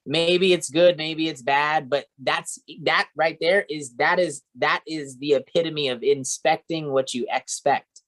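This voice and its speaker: Slow, coaching male sales trainer. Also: a little high, steady tone, fairly bright tone. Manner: coaching, repeats "right?" and "okay?". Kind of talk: training talk to a team.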